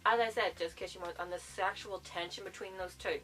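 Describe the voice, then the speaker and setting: A woman book vlogger reviewing a novel in a casual, gushing way, bursting into animated exclamations. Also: medium pitch, quick pace, faint music behind.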